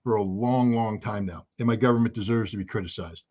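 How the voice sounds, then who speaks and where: With a lo-fi sound, a low-leaning voice and a fairly quick pace, this American man appears as a guest commentator on a livestream interview. He lectures emphatically, hammering points home through repetition.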